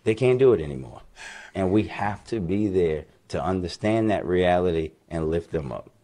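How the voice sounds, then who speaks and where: A middle-aged man speaking as a mayor in a public statement, earnest and measured, pausing often with fillers. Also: low voice, expressive, dark tone. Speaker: city mayor.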